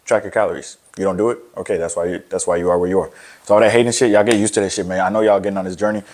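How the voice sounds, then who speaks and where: Young man, low voice, rapid-fire delivery; blunt, profane fitness rant to camera, lots of restarts. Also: steady tone, darkish tone. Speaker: fitness content creator. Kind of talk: casual motivational rant to camera.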